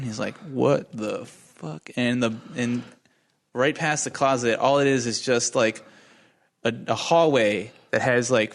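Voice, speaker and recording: A man of ordinary pitch retells a movie plot to friends on a casual podcast. He rambles, laughs often and swears freely as he acts out the characters' lines. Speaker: podcast co-host. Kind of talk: casual movie recap chat.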